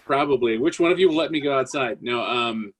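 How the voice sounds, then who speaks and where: A man on a video call fires off joking questions at a fast clip. His voice is mid-pitched, with a faint hiss behind it. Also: fairly bright tone. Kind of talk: casual video call chat.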